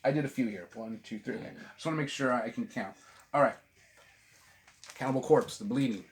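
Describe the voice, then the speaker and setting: A man's voice: medium pitch, a little fast. A middle-aged man hosting a vinyl channel, chatting casually from home about albums, rambling, swearing often and restarting his sentences. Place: at home with a dog. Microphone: camera on a tripod.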